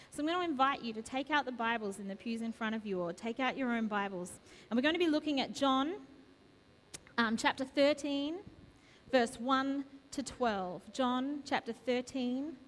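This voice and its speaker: High-voiced woman preaching in a reverberant church. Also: a little hiss or hum. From Australia. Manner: asks the congregation many repeated questions. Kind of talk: sermon. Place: church sanctuary. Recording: long reverb of a church hall.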